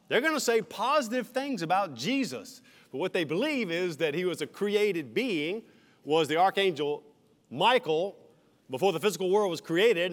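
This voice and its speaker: A man preaching a sermon as senior pastor, emphatic with shifting dynamics. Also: a little high. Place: church sanctuary. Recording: reverberant church hall.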